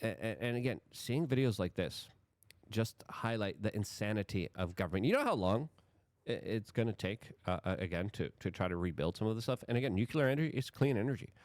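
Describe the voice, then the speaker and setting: A man's voice: on the low side, fairly quick, dry recording, studio quality. A man giving heated political commentary, sarcastic and stumbling through restarts. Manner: sarcastic, animated, repetitive restarts.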